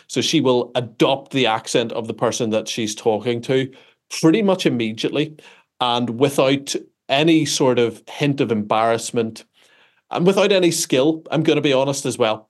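A Northern Irish man, an author answering interview questions in an animated, self-deprecating storytelling way, often restarting his sentences. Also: medium pitch. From Northern Ireland. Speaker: author and guest.

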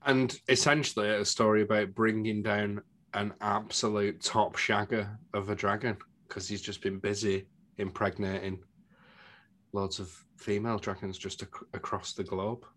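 A man's voice: lowish voice, flat delivery, normal speed, a bit bright. Joking British man reviewing films. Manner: dry, joking, British slang. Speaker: podcast co-host. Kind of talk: casual film review chat.

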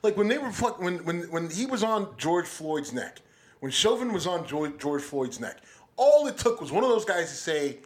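A man's voice: high voice, very animated, normal speed. A man co-hosting a podcast in a studio, talking bluntly and with plenty of swearing as he gets heated. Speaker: podcast co-host. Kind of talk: casual chat.

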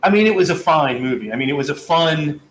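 A man's voice: a little high, expressive, fast, a loud crowd. A man from North Carolina co-hosting a podcast, chatting casually and emphatically, often repeating himself. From American South, North Carolina. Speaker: podcast co-host. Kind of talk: casual chat. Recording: roomy with faint ambience.

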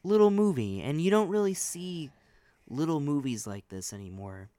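A man's voice: a little high, very animated, normal speed, warm tone, clean tone, dry recording. A man co-hosting a podcast, chatting casually and rambling, hedging with many restarts. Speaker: podcast co-host. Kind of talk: casual chat.

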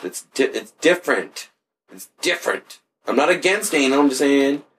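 A man's voice: medium pitch, lively intonation, normal speed, fairly bright tone. A man in casual, crude conversation, rambling through a story with lots of filler words.

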